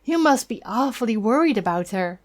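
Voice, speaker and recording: A woman's voice: fairly high pitch, animated, a little fast, close to an everyday voice. Woman doing a fussy gossiping old lady. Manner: chatty, fussing, sentimental. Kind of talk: reading game dialogue aloud.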